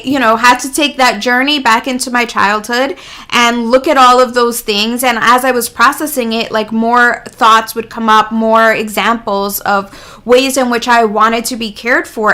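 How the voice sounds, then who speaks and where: A woman with a bright, slightly high voice talks openly about her own experiences as an interview guest. She is earnest and reflective, and she slips small laughs into her sentences. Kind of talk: candid personal storytelling.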